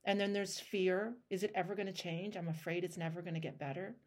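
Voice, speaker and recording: A woman's voice: fairly low pitch, flat delivery, a little fast, a little mellow. A woman hosting a one-on-one coaching call, talking emphatically and acting out the voices in people's heads, with casual swearing. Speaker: life coach and show host.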